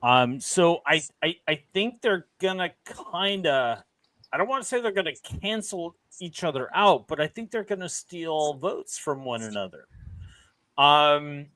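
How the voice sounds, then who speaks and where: A man's voice: fairly high pitch, lively intonation, a little slow, a bit bright, no echo. A man co-hosting a football fan show in casual talk, hesitant, with many ums and restarts. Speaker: co-host.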